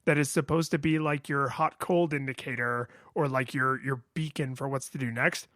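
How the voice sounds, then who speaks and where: A man's voice: mid-range voice, normal speed, no room sound, clean studio sound. A man co-hosting a podcast, chatting casually and rambling through a retro game review with many fillers and restarts. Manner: rambling, lots of fillers and restarts, acts out his own past excitement. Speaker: podcast co-host.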